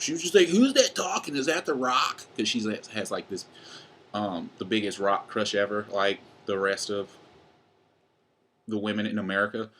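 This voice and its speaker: Young guy w a lowish voice just rambling to the cam, lots of ums and yeahs. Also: sharp tone, slight background noise. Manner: rambling and chatty, with many fillers. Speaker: college student vlogging a fitness challenge. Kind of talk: casual chat to camera.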